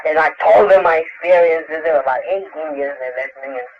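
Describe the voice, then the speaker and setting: A man telling stories at a lecture Q&A, halting with many restarts and fillers, laughing often. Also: fairly high pitch. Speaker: interviewed author. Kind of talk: lecture Q&A, casual storytelling. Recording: dull lo-fi 1960s tape with hiss.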